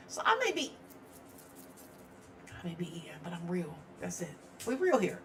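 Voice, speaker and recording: A woman's voice: on the low side, very animated, fairly quick, long pauses, slight background noise. A middle-aged woman hosting a casual true-crime live stream from her home studio, chatty and rambling, laughing often.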